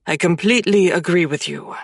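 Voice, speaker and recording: A woman's voice: on the low side, a little fast, no room sound, studio quality. A woman voicing a sardonic young French man who teases but cares for his stepsister, in an audiobook. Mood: sympathetic.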